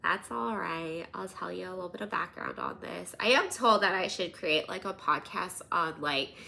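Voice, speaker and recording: A woman in her thirties hosting a podcast, telling personal stories in an animated, casual way, sometimes dropping to near-whispers. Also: on the low side, moderate pace, gravelly. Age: 30s. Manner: animated, drops to near-whispers and laughs often. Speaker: podcast host.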